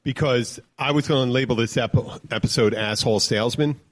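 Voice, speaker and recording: Relaxed man hosting a bar podcast. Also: mid-range voice, a little fast. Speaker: podcast host, bartender. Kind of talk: casual chat.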